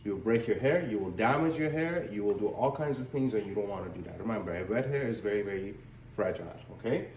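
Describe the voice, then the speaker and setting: Speaking quickly and expressively, a male stylist walks through a casual salon demonstration, giving instructions and repeating words often. His voice is fairly low and darkish, and the echoey room carries faint ambience plus a little hiss or hum.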